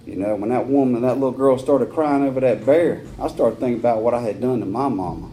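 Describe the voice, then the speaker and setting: A man in his forties with a Southern US accent, speaking at a recovery meeting in a folksy, rambling way with rough humor. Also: medium pitch, fast talker, mellow, slight background noise. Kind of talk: personal recovery talk.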